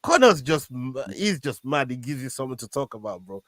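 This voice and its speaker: A man co-hosting a casual fight-sports podcast, talking in an animated way that often stammers and restarts when he gets worked up. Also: medium pitch, brisk, no room sound, clean studio sound. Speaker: podcast co-host. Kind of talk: casual MMA chat.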